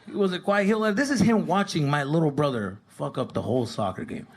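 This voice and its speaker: A man from Arizona doing animated, profane stand-up comedy storytelling. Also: on the high side, fairly quick. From Tucson, Arizona. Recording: live stage with crowd noise.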